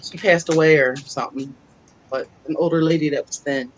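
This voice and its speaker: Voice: mid-range voice, fairly even intonation, a little fast, a little hiss or hum, low-quality recording. A psychic co-host giving a casual live reading, chatty and laughing often as they relay messages from spirits.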